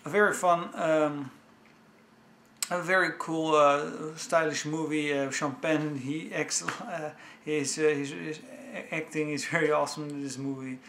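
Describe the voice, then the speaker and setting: A man chatting casually about films he owns, talking with enthusiasm in a halting way full of restarts. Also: fairly high pitch, fairly even intonation, a bit bright, a little hiss or hum. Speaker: movie vlogger. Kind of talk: casual home-video review. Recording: echoey room.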